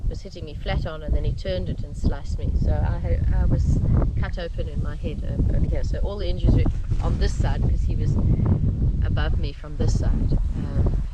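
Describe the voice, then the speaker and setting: A South African woman being interviewed outdoors, telling what happened in a halting way with many fillers and restarts. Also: low voice, steady tone, lo-fi sound. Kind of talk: recounting an assault outdoors. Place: outdoors in open coastal land. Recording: loud wind and background noise outdoors.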